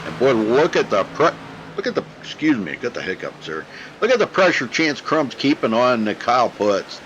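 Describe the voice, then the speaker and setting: Male play-by-play caller, folksy and chatty, steady mid pitch, over background noise. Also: low-quality recording. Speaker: race commentator. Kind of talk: sim racing broadcast commentary.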